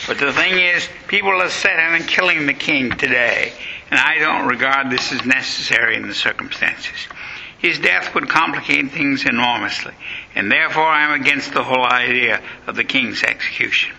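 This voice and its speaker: Booming, bullying revolutionary giant, drunk and threatening, put on by a male lecturer; sharp, gravelly voice. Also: normal speed, exaggerated voice, low-quality recording. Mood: confident. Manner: threatening, forceful.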